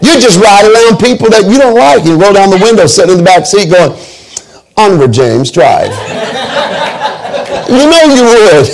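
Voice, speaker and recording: A male pastor delivers a sermon as a string of folksy, humorous stories. His voice sits a little high and carries a gravelly fry. He often stumbles and restarts mid-sentence. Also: animated, normal speed, poor audio. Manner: folksy, joking storytelling with many restarts.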